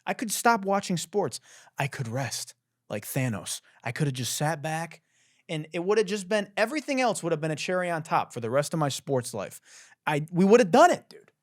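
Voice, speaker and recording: A man's voice: on the high side, very animated, moderate pace, dry recording, clean studio sound. A young man hosting a podcast, delivering a profane, mock-dramatic comedic monologue full of boasting. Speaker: podcast host.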